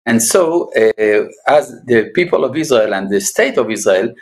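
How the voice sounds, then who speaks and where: Guy, rabbi in an interview, keeps pausing, lots of uhs, mid pitch voice. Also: expressive. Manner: halting, many filled pauses. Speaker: rabbi and guest. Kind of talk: interview answers.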